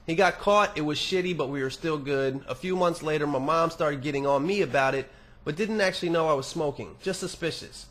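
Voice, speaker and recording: A man's voice: fairly high pitch, a little fast, a bit bright. A young man hosting a podcast, reading listener emails aloud and answering them in a rambling, profane, casual monologue with many restarts.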